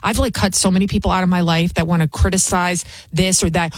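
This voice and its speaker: A woman's voice: on the low side, fairly even intonation, brisk, a little hiss or hum, rough recording. A woman hosting a political opinion show, scornful and heated. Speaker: political commentary host. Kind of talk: opinion commentary.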